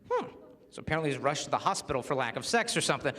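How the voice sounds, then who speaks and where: Young male speaker, jokey and lively, slightly high voice, echoing hall. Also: fast. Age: 20s. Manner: joking, animated, acts out quotes. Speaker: chastity speaker. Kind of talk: energetic talk to a high school audience. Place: large hall with a live audience. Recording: reverberant hall with faint ambience.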